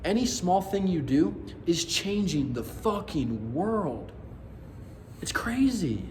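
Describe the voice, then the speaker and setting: Rambling young man, slightly high voice. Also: darkish tone, a little hiss or hum. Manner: rambling and earnest, heavy swearing, many fillers. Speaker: vlogger. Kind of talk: casual monologue to camera.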